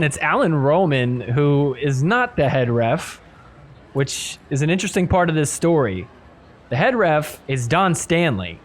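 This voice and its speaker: A man hosting a podcast, recapping match clips and acting out the players' reactions. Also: a little high. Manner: animated, acts out players' reactions. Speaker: podcast host.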